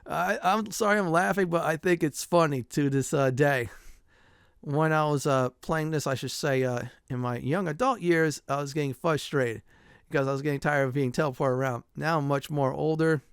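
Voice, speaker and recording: A middle-aged man talks his way through a retro game playthrough in a loose, chatty way, full of "uh" fillers and chuckles. His voice is smooth and clear, sitting a little high for a man. The sound is dry and close, with no room around it. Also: moderate pace, dry recording. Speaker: gameplay commentator. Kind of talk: casual game playthrough commentary.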